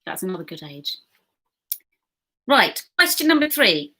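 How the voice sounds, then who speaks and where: A woman running a live pub quiz with a bright, clear voice that cuts through. She reads each question twice and chats in between, greeting viewers by name and giggling at her own asides. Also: medium pitch, big pitch swings, unhurried. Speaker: quiz host.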